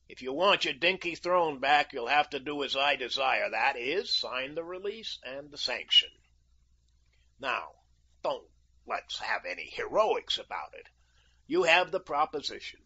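A man's voice: medium pitch, gravelly, sharp tone, husky, full character voice. A man voicing a brash, cool-headed young American. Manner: cool, bargaining and mocking. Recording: dull lo-fi audio.

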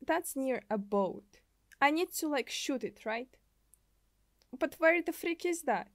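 A young woman from Russia with a Russian accent, chatting with viewers in an excitable, giggly way while streaming a game from a desk mic. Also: high-pitched, slow, no echo. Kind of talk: casual gameplay livestream.

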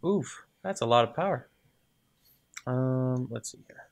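A man's voice: medium pitch, expressive, a little slow, gravelly. A man casually commenting as he plays a game, talking to the items and muttering to himself, then cheering when things work. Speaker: gaming video host. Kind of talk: casual let's-play commentary.

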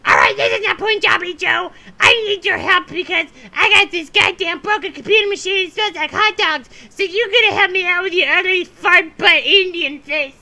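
A man's voice: very high voice, normal speed, few pauses, full character voice. Male actor as abusive shrieking woman caller, piercing and harsh, prank call rant. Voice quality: screechy, gravelly. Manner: ranting, insulting, shouting. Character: shrill rude old woman caller, abusive and ranting. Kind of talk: prank call role-play.

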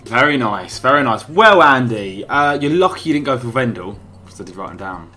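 A man's voice: medium pitch, animated, a little fast, sharp tone, faint music behind. A laid-back man hosting casual gaming commentary. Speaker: gaming YouTuber host.

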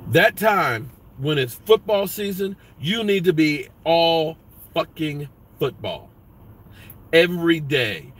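A man's voice: on the high side, lively intonation, slow, fairly bright tone. A man hosting a sports vlog, ranting bluntly with lots of profanity. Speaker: sports vlogger.

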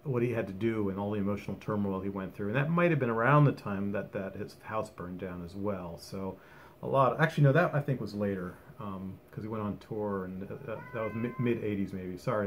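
A man's voice: fairly low pitch, normal speed, slight background noise. A man giving a casual, rambling album review at home, enthusiastic and full of ums and restarts. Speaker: music vlogger.

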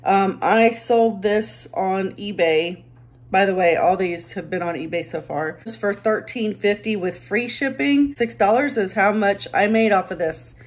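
A chatty, upbeat woman in casual vlog mode, walking viewers through the items she has resold. Her voice sits at an ordinary middle pitch, and she laughs at herself easily. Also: measured pace. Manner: chatty, upbeat, self-deprecating. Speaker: part-time reseller vlogger. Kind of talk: casual chat showing sold items.

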